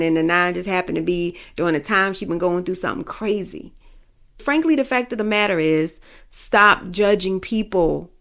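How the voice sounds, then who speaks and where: A woman hosting a podcast, giving her opinions in a blunt, vulgar, emphatic way with speech. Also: medium pitch. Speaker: podcast host. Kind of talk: casual opinion monologue.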